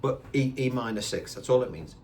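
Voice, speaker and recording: A man's voice: mid-range voice, lively intonation, fairly quick. An older man giving a chatty beginner guitar lesson, counting beats aloud as he strums his own guitar. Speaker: guitar teacher. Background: his own acoustic guitar strumming.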